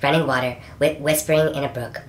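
Low-voiced woman reading a storybook. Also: fairly even intonation, a little fast. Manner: reads in tandem, echoing a co-reader. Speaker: storybook reader. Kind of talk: reading a picture book aloud. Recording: echoey room with faint hiss.

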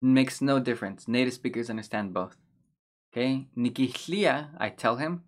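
A male teacher walks through new words in a steady, middle-pitched voice. He says each term slowly and patiently more than once. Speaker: language teacher. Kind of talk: explaining vocabulary over slides.

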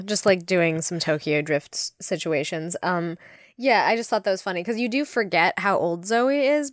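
A woman co-hosting a podcast, chatting casually about a book in a lowish voice. She is talkative and slips into quick impressions of characters. The sound is dry and close. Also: no room sound. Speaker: podcast co-host. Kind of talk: casual book-discussion chat.

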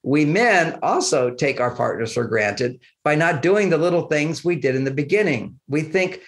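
A man being interviewed speaks at normal speed in a fairly high voice with lively intonation. He shares casual anecdotes from his relationships, voicing the dialogue and chuckling frequently.

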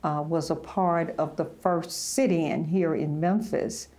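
A woman activist recalling her past in an interview, reflective and pausing with fillers. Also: low voice, fairly even intonation, mellow. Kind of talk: interview recollection.

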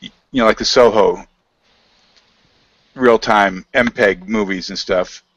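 A man telling a rambling story in a casual, halting way, full of fillers and quoted dialogue, over a video call. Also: lowish voice, a bit bright, slightly rough, no echo. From United States.

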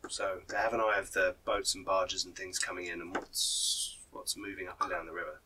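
A man's voice: low-pitched, flat delivery, moderate pace, recorded from a distance, background noise, voice pushed down, lightly acted. A game master voicing a shady male informant in a confiding, hesitant manner. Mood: friendly. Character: shady male street informant, sly and wary. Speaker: non-player character.

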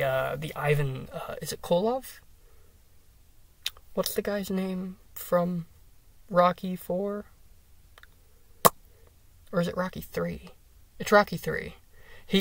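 On a solo podcast, a young male host goes on an excited, profane rant stuffed with fillers. He has a slightly high voice with vocal fry, captured dry with no echo and a bit distant from the microphone.

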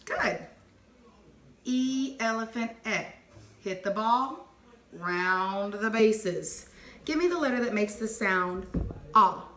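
A woman teacher leading a phonics dictation lesson, clearly sounding out letters and words and praising answers. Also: medium pitch, expressive, slow, pauses often. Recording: echoey room with faint noise.

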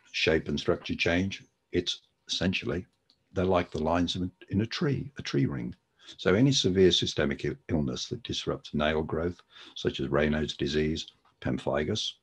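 A man with an extremely deep, husky voice gives a webinar lecture on podiatry. He talks in a loose, conversational way, with many ums and restarts. He speaks into a computer microphone.

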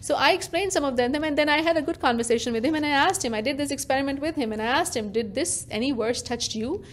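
A woman teaching a religious lesson to a class, animated and interactive, often questioning her listeners directly. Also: high-pitched, fast talker. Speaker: Quran teacher.

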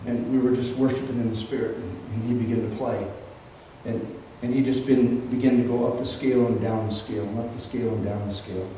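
A man preaching a sermon as pastor, telling a story that builds into fervent, shouted preaching. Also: mid-range voice, steady tone, a little fast, slight background noise. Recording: echoey room, distant mic.

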